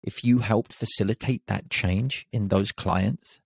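Slow, gravelly-voiced male podcast coach. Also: lowish voice, steady tone, no room sound. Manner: emphatic, encouraging, casually profane. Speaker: confidence podcast host and coach. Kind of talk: motivational podcast monologue.

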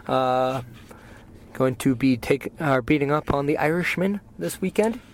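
A man's voice: mid-range voice, unhurried, a little hiss or hum. A man, a wrestler co-hosting a casual podcast, rambling with many fillers and dry jokes. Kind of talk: casual chat.

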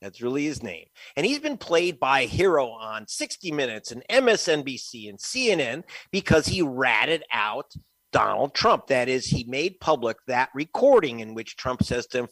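A man's voice: a little high, very animated, normal speed, a bit bright, dry recording. A man, a guest investigative reporter, giving emphatic, scornful political commentary with frequent laughs.

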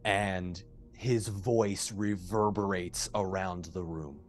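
Man, game master, very deep voice, slow unhurried delivery, relaxed descriptive narration, faint background music. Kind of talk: running a tabletop game.

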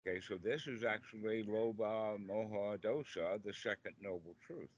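Low-voiced man giving a relaxed dharma talk. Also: normal speed, dull audio. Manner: patient, explains by humming rhythms, frequent fillers. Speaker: Buddhist meditation teacher. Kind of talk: informal dharma talk on a group call. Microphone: video call.

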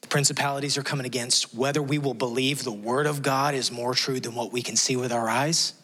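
Bright, impassioned man preaching a sermon. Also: medium pitch, steady tone, a little fast, breathy edge. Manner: impassioned, acts out the voices in the story. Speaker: pastor. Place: church sanctuary.

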